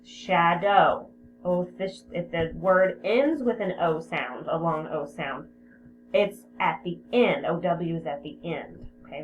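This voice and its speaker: A woman teaching a spelling lesson to young children, patient, sounding out words and repeating them. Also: medium pitch. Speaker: elementary school teacher. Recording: tinny phone-like audio with steady background hiss.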